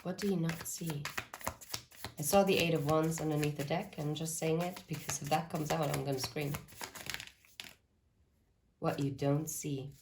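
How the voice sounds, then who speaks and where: A woman's voice: low voice, noisy background. A woman reading tarot cards to her viewers, talking earnestly about spirit messages and breaking off into rambling asides. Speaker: tarot reader. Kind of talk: channeled tarot reading to camera.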